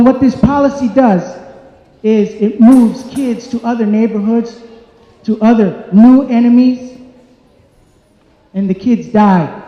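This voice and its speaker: A man giving an angry, emphatic public comment at a community meeting in a church hall, repeating his points. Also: very high voice. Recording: echoey hall, dull sound.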